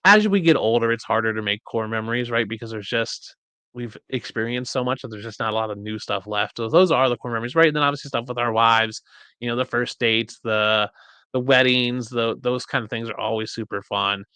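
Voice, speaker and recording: A man in his thirties co-hosting a podcast, chatting casually and acting out quoted lines in an animated way. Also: a little fast, smooth, no echo. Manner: animated storyteller, acts out quotes in high voices. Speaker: podcast co-host. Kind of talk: casual chat.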